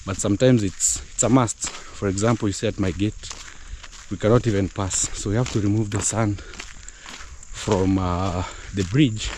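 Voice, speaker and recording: A man's voice: on the low side, steady tone, measured pace, a little mellow, slight background noise. A man vlogging casually on his farm, chatty and loose with fillers and restarts, out of breath from walking uphill. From East Africa. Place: outdoors on a rural farm.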